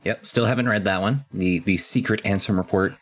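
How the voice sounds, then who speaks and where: A man co-hosting a podcast, casually recapping and discussing a video game in a relaxed, chatty way. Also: on the low side, a little fast. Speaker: podcast co-host.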